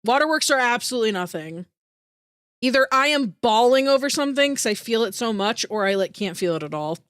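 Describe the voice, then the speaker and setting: Female streamer, high and bright, bubbly, giggly, emotional, close and dry. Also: lively intonation, fairly quick, no room sound. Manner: bubbly and giggly, heavy on "like" fillers; emotional, voice rising into teary squeals. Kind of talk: casual live-stream chat with viewers.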